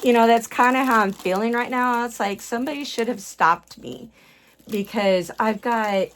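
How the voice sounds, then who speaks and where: A woman's voice: fairly high pitch, normal speed. A woman vlogging casually while sorting her doll collection, awed and repeating her exclamations, with many fillers, hot and sweaty from working.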